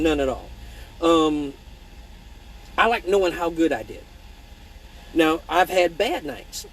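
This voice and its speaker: Man, fairly high voice, blunt, profane, chatty live-stream host, faint background hum. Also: poor audio. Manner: blunt, profane, animated storytelling; reads viewer comments aloud. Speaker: male exotic dancer hosting a live Q&A. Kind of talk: casual live-stream chat.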